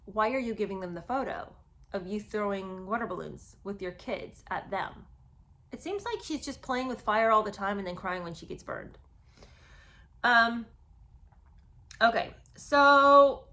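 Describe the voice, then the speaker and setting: A woman's voice: on the high side, pushed and bright. A woman giving casual, sarcastic commentary on a book, chatting with lots of ums and restarts. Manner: sarcastic, chatty, many fillers.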